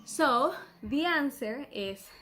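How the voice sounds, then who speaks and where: A middle-aged woman teaching a children's language lesson in a playful, patient way, repeating words slowly for pupils to copy. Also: high-pitched, expressive, a bit bright. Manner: playful, laughs at herself.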